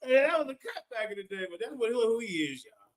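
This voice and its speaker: A man's voice: very high voice, sing-song, brisk. A man giving loose, joking reaction commentary, cursing freely and talking straight to his viewers.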